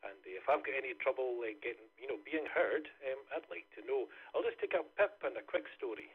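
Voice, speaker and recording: Casting: Scottish man, husky, careful and unhurried, heard through a thin radio channel. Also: medium pitch, expressive. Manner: deliberately slowed, careful delivery. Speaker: amateur radio operator checking in. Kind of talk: casual radio chat. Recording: tinny radio transmission.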